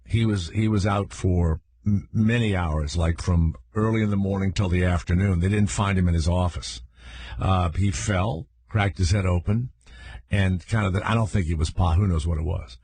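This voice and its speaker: An older man hosting a radio talk show, telling personal stories in a casual, animated way and jumping into high-pitched excited voices when he acts out scenes. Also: moderate pace, husky.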